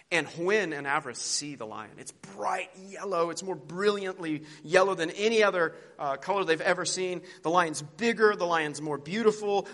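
Animated male pastor preaching. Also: fairly high pitch. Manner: conversational and animated, with restarts. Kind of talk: sermon storytelling and prayer.

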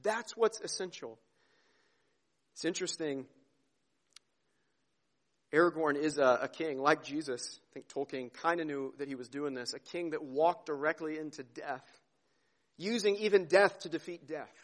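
A man preaching a sermon, earnest and heartfelt, dropping to a hush and then rising to emphasis, often repeating words as he goes. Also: fairly high pitch. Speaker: pastor.

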